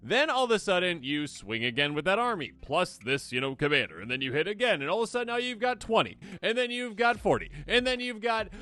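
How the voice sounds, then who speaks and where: Host type, male, bright upbeat delivery, high-ish voice, music under him. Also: dry recording. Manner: excitable, acts out quick imagined opponent voices. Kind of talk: casual card game commentary.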